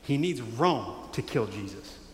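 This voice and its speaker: A man preaches a sermon, chatty and animated, slipping into quoted voices as he talks. His voice sits at a middle pitch. It rings out in a roomy hall with a long tail of reverb. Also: a little slow, slight background noise. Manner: animated, conversational, acts out quotes. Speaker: pastor. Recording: echoey hall with faint ambience.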